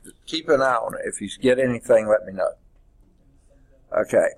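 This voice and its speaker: Male math instructor, classroom lecture, unhurried and deliberate, mid-pitched voice. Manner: deliberate, stretches words while writing on the board.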